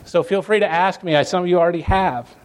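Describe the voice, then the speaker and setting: A male pastor delivering a sermon in church, with a voice pitched a little above the usual for a man. He speaks earnestly and builds his points through emphatic lists and repetition. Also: fast talker, a little hiss or hum.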